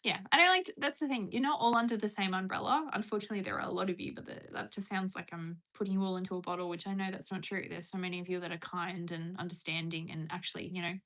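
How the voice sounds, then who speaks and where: A woman's voice: lowish voice, fairly even intonation, quick pace, few pauses, a bit bright. Chatty Australian woman live-streaming. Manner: chatty, reads viewer questions aloud and rambles through answers. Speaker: live streamer answering chat. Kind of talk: casual live-stream chat.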